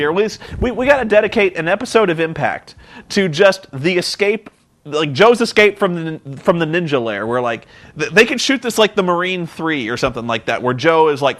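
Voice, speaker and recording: Animated man ranting sarcastically. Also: on the high side. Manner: excitable, profane, sarcastic, acts out scenes. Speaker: vlogger reviewing wrestling. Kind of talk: casual commentary.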